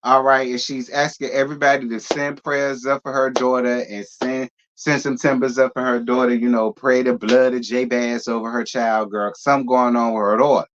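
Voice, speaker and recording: A man's voice: medium pitch, little pitch movement, normal speed, few pauses, dull audio. A man giving casual celebrity gossip commentary, sassy and talking straight to his viewers.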